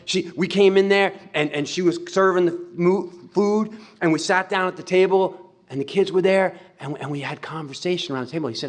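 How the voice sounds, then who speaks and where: A man giving an animated storytelling talk, retelling a friend's words with frequent "he said.". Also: high voice, a little fast. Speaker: speaker.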